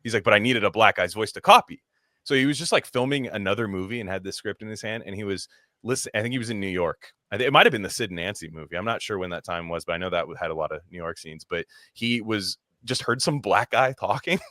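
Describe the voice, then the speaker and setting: A man rambles through a casual podcast chat, profane and animated, now and then dropping into mocking put-on voices. His tone is bright and forceful, and his voice sits fairly low. The sound is dry and close. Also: quick pace, dry recording. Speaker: podcast co-host.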